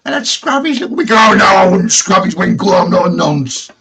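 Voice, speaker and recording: A woman's voice: animated, brisk, creaky, over a noisy crowd. A man putting on the voice of a doting old granny who reminisces fondly. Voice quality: high warbling voice.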